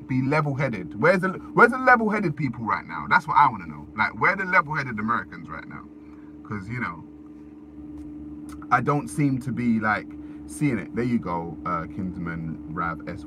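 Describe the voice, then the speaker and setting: A man ranting casually on a live stream into his phone, swearing often and repeating himself as he searches for words. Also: mid-range voice. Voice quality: animated, profane, repetitive. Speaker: livestreamer. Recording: background noise with passing vehicles.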